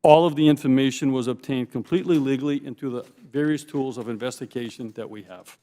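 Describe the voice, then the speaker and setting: A man giving formal testimony as a forensic investigator, emphatic and deliberate, repeating key points slowly for stress. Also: mid-range voice, dark tone. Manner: emphatic, slow repetitions for stress. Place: congressional hearing room. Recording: long reverb in a hearing room.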